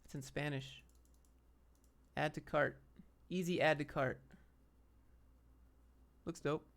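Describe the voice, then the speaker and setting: A man's voice: a little high, fairly even intonation, slow, gravelly, fairly bright tone. A young man from Atlanta, Georgia, answering chat questions on a casual livestream in a blunt, offhand, slangy way.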